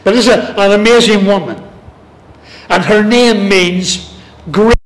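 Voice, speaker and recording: A man teaching a Bible study in sermon style. He reads scripture slowly and deliberately, stressing words one at a time. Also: sits high. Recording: long reverb of a large hall.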